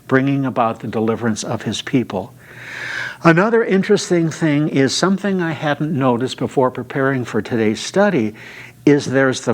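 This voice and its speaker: A man leads a Bible study in a mid-range voice, retelling the stories step by step. He pauses often on filler sounds as he gathers his thoughts. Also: mid-range voice. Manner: unhurried retelling with frequent "uh" fillers.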